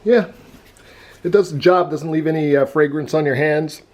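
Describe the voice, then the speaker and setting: A man's voice: fairly high pitch, moderate pace, darkish tone, highs cut off. Man chatting through mouthfuls. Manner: chews and talks with mouth full. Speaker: food reviewer. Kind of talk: casual taste-test review.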